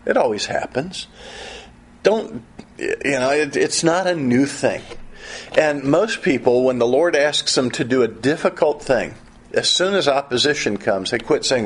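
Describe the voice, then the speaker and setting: Husky-voiced man preaching a lively sermon. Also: medium pitch, a little slow. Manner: animated, repeats and restarts phrases.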